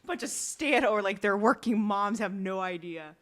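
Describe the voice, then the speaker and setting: A woman co-hosting a podcast, recapping a drama in casual chat, telling it with lively quoted asides. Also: medium pitch. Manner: animated storytelling with quick quoted asides and laughs. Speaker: podcast co-host.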